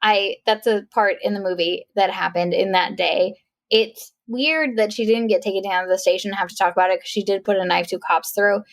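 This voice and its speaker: A woman's voice: medium pitch, fairly quick. A woman co-hosting a podcast, recapping a movie in casual chat and acting out characters' lines in playful voices. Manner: animated storytelling, acts out quotes in playful voices. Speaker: podcast co-host.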